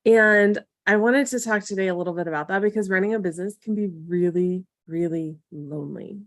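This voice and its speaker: A woman's voice: mid-range voice, a little fast, no room sound, clean studio sound. Chatty, encouraging woman on a live stream. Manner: chatty, encouraging, with tough-love asides. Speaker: marketing coach hosting a live Q&A. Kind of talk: casual live-stream talk to viewers.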